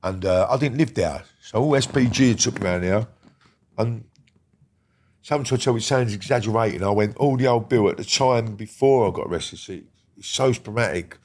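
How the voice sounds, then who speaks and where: In a low-ish, slightly mellow voice that moves a little fast, a man from Britain talks casually as a guest about his criminal past. He's rambling and blunt, swearing heavily and checking in often to make sure he's being followed.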